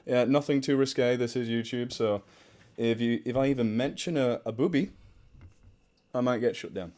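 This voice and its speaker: Moderately paced and mid-range with a darkish tone, this UK host mixes British and American accents as he runs a relaxed charity stream from a home room. He laughs a lot, mocks himself, tells stories and reads the chat out loud. A fish tank sits near his desktop mic.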